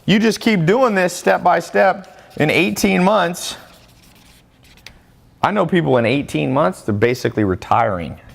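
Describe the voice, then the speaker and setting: A man giving a casual, energetic motivational talk about earning money, with sudden rises in pitch on key points and quoted people acted out. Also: a little slow, creaky. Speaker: online business coach. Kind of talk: motivational monologue.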